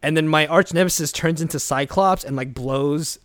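Young adult male guest, fairly high voice, rambling and profane, dry close mic. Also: normal speed, no echo. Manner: rambling with restarts, swears freely, animated. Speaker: guest, former speech competitor. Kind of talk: casual interview chat.

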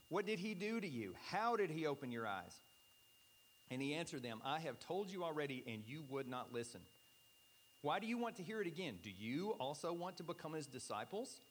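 A man's voice: mid-range voice, fairly bright tone, slight background noise, low-quality recording. A male pastor preaching a sermon in a conversational way, reading scripture aloud and coughing now and then.

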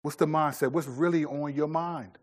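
Middle-aged man preaching, fairly high voice. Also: steady tone, moderate pace. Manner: conversational, with many fillers and restarts. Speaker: pastor. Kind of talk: sermon.

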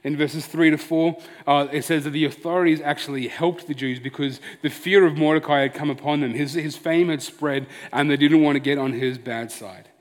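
A man's voice: fairly high pitch, steady tone, moderate pace, hardly any pauses. Male pastor, earnest and chatty, preaching in a reverberant hall. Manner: earnest, conversational preaching with restarts. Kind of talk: sermon.

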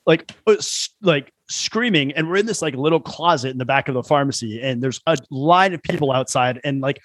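A man's voice: fairly high pitch, moderate pace, fairly bright tone, no echo. A man in his thirties chats casually as a podcast guest. He rambles through his stories, stuffing them with filler words. The recording is close and dry with no room sound. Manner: rambling storyteller, heavy on "like" fillers, laughs at own jokes. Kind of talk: casual chat.

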